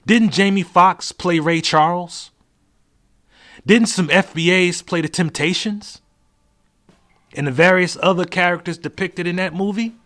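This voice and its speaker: A man hosting a solo podcast, ranting bluntly and swearing freely as he fires off one rhetorical question after another. His voice sits a bit higher than most men's, and he drops low and mutters his asides. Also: measured pace, long pauses, a bit bright. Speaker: podcast host.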